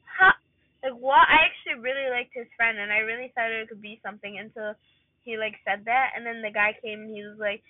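A woman's voice: a little high, fairly even intonation, quick pace, no room sound. A young woman venting casually about her love life and a coworker, rambling and exasperated with lots of fillers. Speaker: vlogger. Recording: tinny phone-like dry recording.

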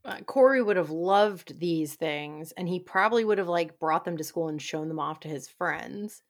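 Giggly woman with a lowish voice. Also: moderate pace. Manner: giggly, laughs often while talking. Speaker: podcast co-host. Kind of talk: casual chat recapping a TV show.

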